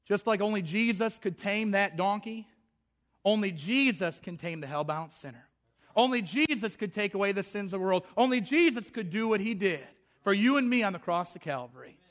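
High-voiced impassioned male preacher. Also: expressive, moderate pace, a bit bright. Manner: impassioned, repetitive, with frequent restarts. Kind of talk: sermon.

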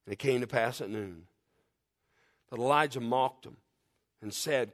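A man's voice: medium pitch, a little slow, pauses often. A man preaching a sermon with fervent, emphatic delivery, reading scripture in old-fashioned wording and leading a prayer. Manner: fervent, rising to loud emphatic peaks then dropping quiet; reads scripture in King James wording.

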